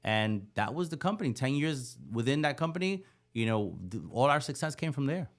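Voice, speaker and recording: Animated storytelling man. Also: mid-range voice, a little fast. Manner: animated, acts out the voices in his stories. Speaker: podcast guest. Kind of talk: storytelling in casual conversation.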